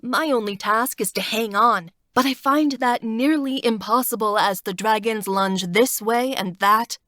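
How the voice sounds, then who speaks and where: A woman narrating a first-person fantasy audiobook with measured, steady storytelling. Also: a little high, no echo, studio quality.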